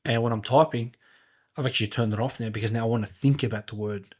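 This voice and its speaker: A man hosting a podcast interview, talking in a relaxed, conversational way. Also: mid-range voice, fast talker. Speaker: podcast host.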